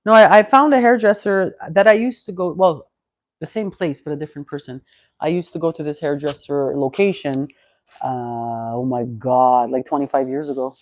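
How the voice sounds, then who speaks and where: A Canadian woman, fifty, talks at normal speed in a low-pitched voice, vlogging at home close to a clip-on mic. She rambles casually and keeps restarting her sentences.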